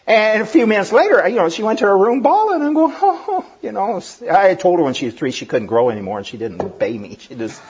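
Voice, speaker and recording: A middle-aged man preaching a sermon, lively and given to laughing asides and acting out voices. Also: a little high, slightly rough. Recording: dull lo-fi recording.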